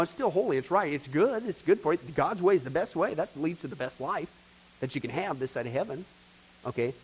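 A man preaching a sermon to his congregation, acting out voices and swinging between loud outbursts and hushed lines. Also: fairly high pitch, low-quality recording. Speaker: pastor.

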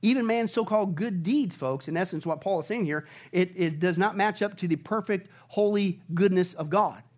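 A man's voice: sits high, moderate pace. A man preaching as a pastor, emphatic, with rhetorical questions to the congregation and chuckles between points. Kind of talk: sermon.

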